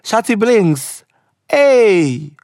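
A woman's voice: medium pitch, very animated, extremely slow, heavy background noise. A young woman hosting a podcast and reading listener letters in a casual, chatty way. She laughs often, wanders off on tangents and mixes Twi slang into her talk. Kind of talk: casual chat.

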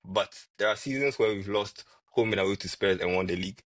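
A man with a husky voice, chatting casually about football as a podcast co-host and repeating words as he argues. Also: fairly low pitch, brisk, no echo. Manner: animated, repeats words when arguing.

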